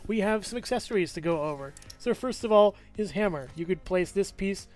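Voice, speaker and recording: A man with a noticeably high voice talks through a toy review in an upbeat, chatty way. He handles the figure as he goes, pointing out each part. Soft music plays faintly behind him. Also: expressive, brisk. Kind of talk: casual product review.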